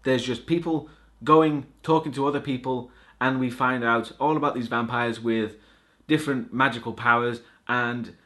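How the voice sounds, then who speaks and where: A man's voice: mid-range voice, sharp tone. A man giving a casual spoken film review, sarcastic and swearing a lot, often stumbling and restarting his sentences.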